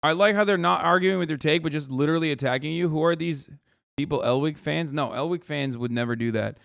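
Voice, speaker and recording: A man's voice: fairly high pitch, fast talker, vocal fry, a bit bright, no echo, clean studio sound. A man in his thirties, a live streamer, ranting sarcastically with heavy swearing in casual commentary.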